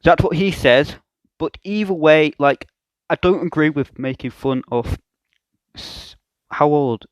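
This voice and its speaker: A man's voice: a little high, measured pace, dry recording, poor audio. A young man hosting a reaction video, talking in a self-mocking, hesitant way. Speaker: YouTube reaction host. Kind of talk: reaction commentary.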